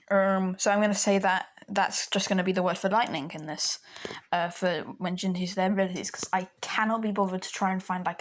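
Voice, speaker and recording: A woman telling a fan story in a casual, rambling way, full of fillers and restarts. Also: mid-range voice.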